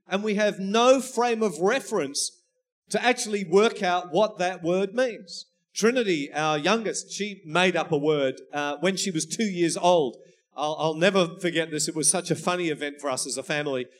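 A male pastor preaching a sermon, telling family stories in an animated, laughing way. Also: high-pitched, normal speed. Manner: storytelling, animated, laughing at his own anecdotes.

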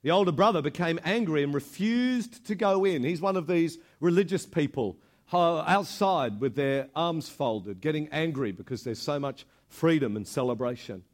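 Brief: high-pitched male preacher, lively storytelling sermon. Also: moderate pace. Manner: animated storytelling, repeats words. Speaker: pastor.

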